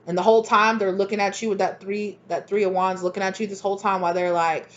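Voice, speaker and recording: A woman giving a casual tarot reading, animated and blunt, who swears freely and acts out both sides of an argument in sudden high voices. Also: quick pace. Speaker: tarot reader. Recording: dull lo-fi recording.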